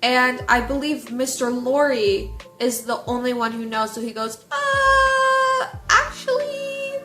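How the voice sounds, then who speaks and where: Woman book reviewer, bright, fairly high voice, chatty and animated, echoey room. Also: moderate pace, faint music behind. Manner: chatty, animated, lots of filler "like". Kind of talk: casual book review chat.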